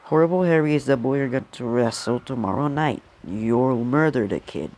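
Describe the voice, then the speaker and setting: A man reading aloud as a gruff middle-aged school wrestling coach, blunt and exasperated. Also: medium pitch, moderate pace, a little mellow, natural voice.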